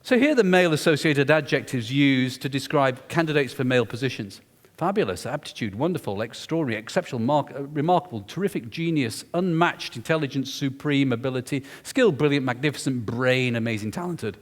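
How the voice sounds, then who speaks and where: A man's voice: mid-range voice, expressive, brisk. A man telling a story during a public lecture, emphatic and confiding. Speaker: guest lecturer. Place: lecture hall. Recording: echoey lecture hall.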